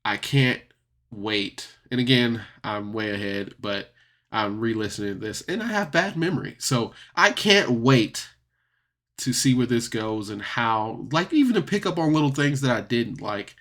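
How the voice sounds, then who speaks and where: A man's voice: mid-range voice, lively intonation, measured pace, fairly bright tone. A man giving a casual, rambling solo podcast review, chatty and laughing often.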